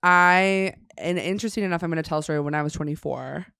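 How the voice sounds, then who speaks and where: A woman in her thirties from Chicago, a guest comedian telling an animated, self-mocking story on a podcast. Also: fairly low pitch, fast talker, gravelly, clean tone, no room sound, clean studio sound. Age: 30s.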